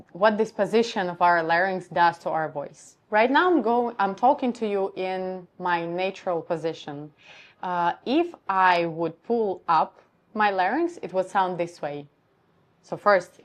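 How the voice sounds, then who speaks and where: A woman voice coach walks through her lesson at an unhurried, deliberate pace. Her voice sits a little low, and she lays out each point calmly, one step at a time. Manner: calm, step-by-step explaining. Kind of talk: live-streamed lesson on how the voice works.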